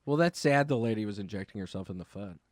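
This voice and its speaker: A man's voice: on the low side, lively intonation, quick pace, a crowd in the background. A man hosting a comedy podcast, chatting in a loose, rambling, joking way. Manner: joking, rambling, says he had an edible. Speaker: podcast host. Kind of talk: casual comedic chat.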